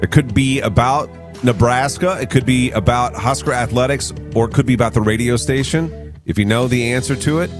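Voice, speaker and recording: A man's voice: medium pitch, brisk, over music. A man hosting a morning radio show, joking with his co-host and running a call-in quiz. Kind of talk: casual radio banter.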